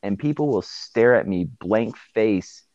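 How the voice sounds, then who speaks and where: A man's voice: lowish voice, lively intonation, measured pace, darkish tone, no echo, highs cut off. A man telling stories in a casual chat, acting out quotes from customers. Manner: storytelling with acted-out quotes. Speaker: guest co-host.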